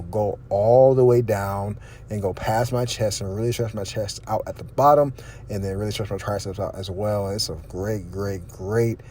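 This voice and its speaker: A low-voiced man talks straight to his viewers in a casual vlog, blunt and profane and quick to wander off on tangents. Faint noise hums behind him. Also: mellow. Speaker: fitness vlogger. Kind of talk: casual workout vlog talk.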